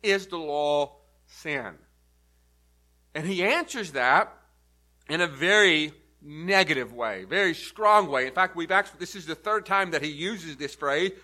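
A pastor delivering an earnest sermon, teaching step by step and leaning hard on key words. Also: male voice, fairly high pitch, bright, forceful tone. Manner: earnest, emphatic teaching with repeated stresses. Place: church.

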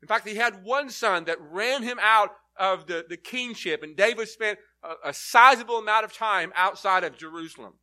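A man preaches an earnest Bible-teaching sermon, his voice sitting fairly high for a man. His tone is bright and ringing, and he drives home key words with heavy emphasis. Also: moderate pace, few pauses.

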